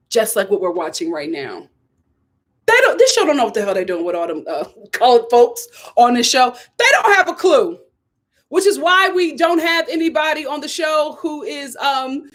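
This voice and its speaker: A woman hosting her own vlog, chatting casually and emphatically as she tells a story and acts out the voices of other people. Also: a little high. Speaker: vlog host and actress. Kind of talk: casual opinion chat.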